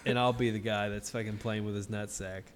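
A man in his thirties hosting a casual podcast, telling rambling, excited, profane stories. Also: lowish voice, a little fast, a little hiss or hum. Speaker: podcast host. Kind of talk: casual chat.

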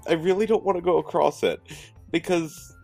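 A man's voice: a little high, steady tone, moderate pace, gravelly, music in the background. Man doing a sheepish young giant boy. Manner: sheepish, rambling, with restarts.

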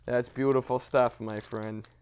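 A man's voice: medium pitch, little pitch movement, a little slow, a little mellow, smooth. A man in casual chat who mostly chimes in with short replies and laughs along.

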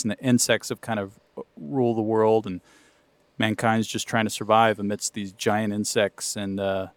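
A man's voice: lowish voice, dry recording. A man co-hosting a podcast, chatting in a laid-back way with lots of fillers. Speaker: podcast co-host. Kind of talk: casual chat.

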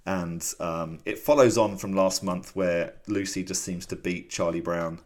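A man with a low, deep voice, talking in a loose, rambling way full of ums and small laughs. He co-hosts a casual podcast chat. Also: fairly even intonation, a little slow. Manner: chatty and rambling, with many fillers and laughs. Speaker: podcast co-host.

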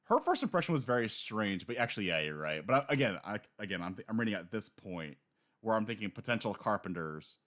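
A man co-hosting a casual chat, animated and quick to laugh, slipping into voices when he retells scenes. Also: fairly low pitch. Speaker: podcast co-host discussing a manga.

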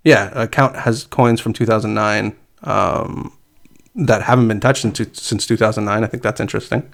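A man's voice: fairly low pitch, moderate pace, gravelly, fairly bright tone. A man co-hosting a casual chat, reading news items aloud with frequent "uh" fillers and easy laughter. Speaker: podcast co-host reading crypto news.

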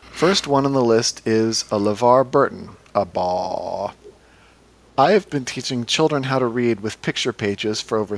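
A man's voice: medium pitch, close to an everyday voice. A man doing a rambling older male entertainer. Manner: rambling, food tangents, mumbled "a baw" tics. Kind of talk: comedic impression in a podcast.

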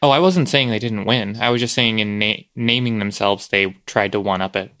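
A man's voice: on the low side, moderate pace, fairly bright tone, no echo, studio quality. A man co-hosting a podcast in casual chat, musing aloud in a hesitant way with plenty of fillers. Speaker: podcast co-host.

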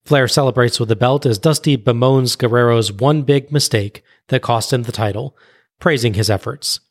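A man on a podcast recapping a wrestling match blow by blow in a brisk play-by-play recounting. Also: medium pitch, dry recording, studio quality. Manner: brisk play-by-play recounting, laughs at own jokes. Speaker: podcast co-host.

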